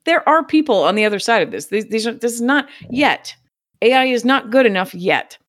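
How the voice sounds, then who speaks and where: A woman, a podcast guest who created open source software, telling a story in a casual chat, acting out quotes and swearing casually. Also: on the high side, expressive, fairly quick.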